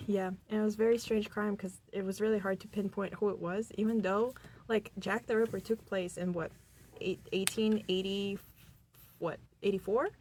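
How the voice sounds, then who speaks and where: A woman's voice: mid-range voice, steady tone, normal speed, darkish tone, slight background noise. A young woman from Boston co-hosting a podcast in a small studio, telling a case in casual chat, giggly and full of fillers. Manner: giggly, rambling with many fillers. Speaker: podcast co-host.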